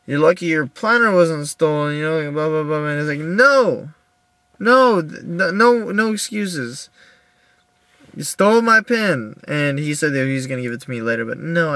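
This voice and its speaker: A young man recording a personal video diary in his car, upset and halting, with many restarts as he tells what happened. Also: fairly high pitch, fairly bright tone, no room sound. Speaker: video diarist.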